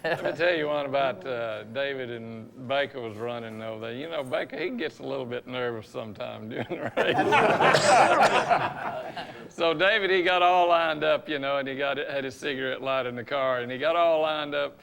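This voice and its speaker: A man with a gravelly voice tells a racing anecdote, chuckling as he goes. Faint noise sits behind him. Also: mid-range voice, moderate pace, a bit bright. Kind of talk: storytelling at a reunion panel.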